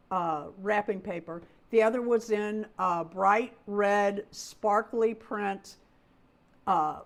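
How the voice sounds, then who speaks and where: A middle-aged woman hosting a casual livestream, talking through a story with plenty of feeling. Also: medium pitch. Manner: chatty storyteller, talks with feeling. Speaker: host of a doll livestream.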